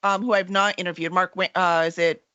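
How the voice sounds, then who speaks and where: A podcast host asking a guest questions in a casual, chatty interview, with quick interjections. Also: medium pitch, flat delivery, pushed and bright, smooth. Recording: slightly dull lo-fi audio.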